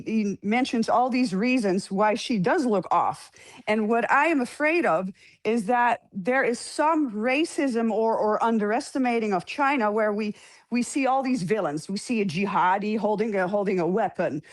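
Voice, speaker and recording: A woman on a live debate panel, explaining her point earnestly and at length. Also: mid-range voice.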